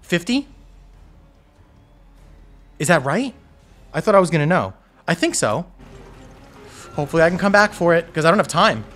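A man giving panicky, excitable commentary while playing a video game, talking to himself and cheering out loud. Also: on the high side, normal speed, long pauses, faint music behind. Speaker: gameplay streamer. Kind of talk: live gameplay commentary.

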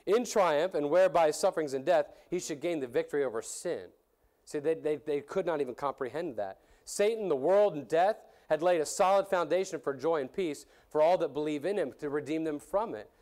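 A man's voice: a little high, a little mellow. A man preaching a sermon in an earnest way, restarting and repeating phrases, his voice rising when he voices the crowds.

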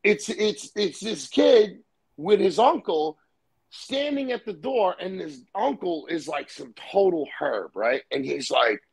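Gravelly, raspy man telling rough stories. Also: sits high, expressive, a little slow. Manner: profane, rambling crime storytelling. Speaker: storyteller guest. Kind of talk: casual chat. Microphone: live stream call.

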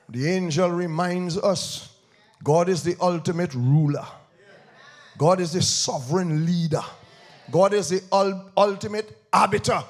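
Gravelly-voiced preacher with a lilt. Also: male voice. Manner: swings from shouted emphasis to low quiet intensity, repeats phrases. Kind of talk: sermon. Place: church.

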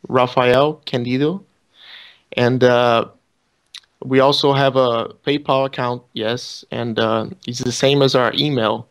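A male pastor, a guest on a Christian talk show, speaks calmly and plainly. His voice has an ordinary middle pitch and no marked traits. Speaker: pastor of a house church. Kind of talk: casual talk show chat.

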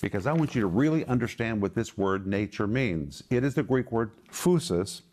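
A man's voice: fairly low pitch, expressive, moderate pace, a little mellow. A man, a television Bible teacher, who preaches emphatically and stretches out key words as he explains Greek terms. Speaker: pastor.

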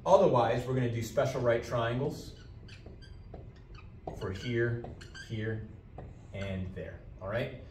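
Taking it slowly with long pauses, a man with a mid-range voice teaches geometry in a classroom. This math teacher repeats key terms and checks in with "all right?", and the roomy, distant recording carries faint background noise.

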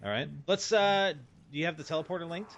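A man's voice: a little high, fast, a bit bright, dull audio. A man hosting a casual co-op zombie game session, chatty and jokey, thinking aloud as he plays. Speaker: gameplay host. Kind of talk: casual gaming chat.

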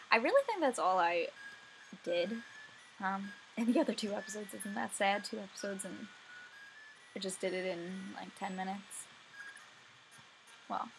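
A woman's voice: medium pitch, vocal fry, poor audio. Sleepy woman chatting through a game. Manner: chatty, talks to herself while playing. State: sleepy, yawning. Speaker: let's play gamer. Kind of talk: casual gameplay commentary. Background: faint game music.

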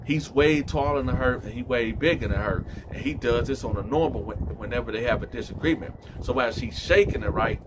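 A man's voice: mid-range voice, a little fast, few pauses, noisy background. A man telling a story casually and animatedly, speaking straight to his listeners. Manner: animated, addresses listeners directly.

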